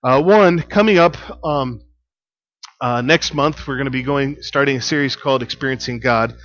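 A man's voice: mid-range voice, moderate pace, a bit bright, dull audio. A man preaching a sermon as pastor, telling stories in a chatty way with fillers and laughter.

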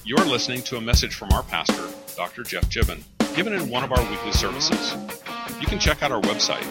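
Male announcer over loud music. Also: mid-range voice, animated, fast. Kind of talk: scripted intro. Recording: loud music bed behind voice. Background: loud drum-driven music.

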